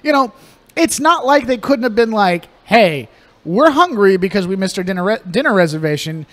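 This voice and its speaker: High-voiced guy cohost, bouncy delivery, cracks sarcastic jokes. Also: sing-song, moderate pace, a bit bright. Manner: joking, chiming in with sarcastic asides. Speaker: podcast co-host. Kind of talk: casual chat.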